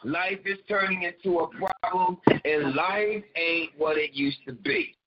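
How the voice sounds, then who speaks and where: A man's voice: high voice, a little slow, highs cut off, very noisy. A man from Philadelphia with a Philly accent, hosting a casual ranting monologue, preachy and profane and laughing at his own jokes. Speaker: podcast host.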